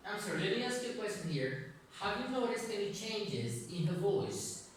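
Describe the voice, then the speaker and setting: A man's voice: high-pitched, sing-song, moderate pace, a little hiss or hum. A man teaching an English class, asking his students questions and often restarting his sentences. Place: classroom, indoors. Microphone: far camera. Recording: very echoey classroom, far from mic.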